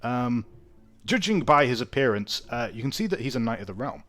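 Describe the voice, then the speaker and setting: A man's voice: medium pitch, sing-song, fairly quick, a bit bright, soft background music. A man narrating as game master of a tabletop game, chatty with many fillers.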